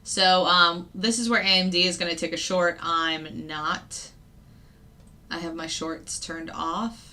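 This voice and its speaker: Here the trader's lowish voice sounds pushed and bright, though her tone stays level and her pace slow. The futures day trader and channel host muses aloud about the markets with fillers and a laugh now and then, hiccuping as she goes.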